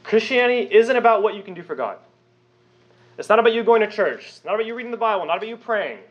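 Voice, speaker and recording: Young male pastor preaching, higher voice with a lively, swooping delivery, conversational and emphatic. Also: quick pace, lo-fi sound. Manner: emphatic, rhetorical questions, conversational asides. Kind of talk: sermon.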